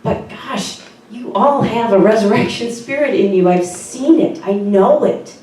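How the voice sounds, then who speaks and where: A woman pastor giving a sermon in an earnest, conversational way, with soft fillers, in a church sanctuary. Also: fairly high pitch, measured pace. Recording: very echoey room from far off.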